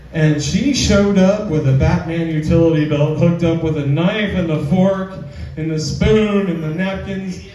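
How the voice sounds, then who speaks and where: A man with a fairly high voice performs stand-up at a slow, unhurried pace. He is picked up from a distance in a very echoey club, with faint room noise behind him. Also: warm tone, muffled recording. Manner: slow, drawn-out delivery with squealing voices for the girls. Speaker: stand-up comedian. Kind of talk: live stand-up set. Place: small comedy club stage.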